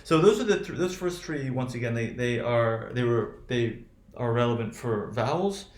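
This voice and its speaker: Halting American phonetics teacher, roomy sound. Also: male voice, medium pitch, lively intonation, darkish tone. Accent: General American. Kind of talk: recorded remote lecture.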